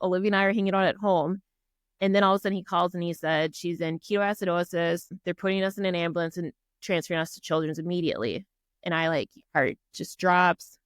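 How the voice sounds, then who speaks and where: A woman's voice: lowish voice, no echo, clean studio sound. A middle-aged woman from Minnesota, a podcast guest, telling a personal story in earnest, acting out what people said and using many fillers such as "like" and "um". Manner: earnest, animated retelling that acts out quoted dialogue.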